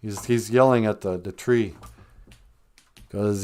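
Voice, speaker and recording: A man's voice: fairly low pitch, steady tone, slow, pauses often, a little mellow. A man retelling a traditional tale on a podcast in a casual, chatty way, with joking asides. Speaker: podcast storyteller. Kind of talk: casual storytelling.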